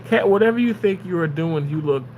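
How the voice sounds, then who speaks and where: A man streaming live and reading his chat aloud, excitable, yelling at and pleading with chatters. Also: sits high, fairly quick, phone-quality sound, a little hiss or hum.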